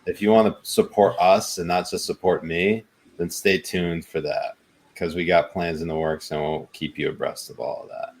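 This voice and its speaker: Deep-voiced laid-back podcast co-host man. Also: fairly even intonation, normal speed. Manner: laid-back, chatty, lots of ums. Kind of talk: casual chat.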